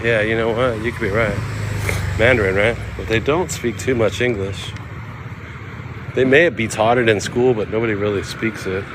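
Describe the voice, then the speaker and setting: A man's voice: lowish voice, fairly even intonation, normal speed, noisy background. A man chatting casually on a travel live stream, giggly and self-mocking, often meowing playfully. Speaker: travel vlogger.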